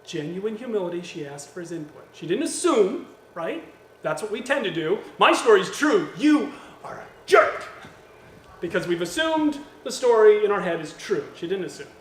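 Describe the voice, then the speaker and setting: A man preaching a sermon, lively and acting out quoted voices, with gentle humor. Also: high voice, fairly quick, slight background noise. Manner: animated, acts out quoted voices with jokes. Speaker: pastor. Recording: echoey church hall with faint ambience.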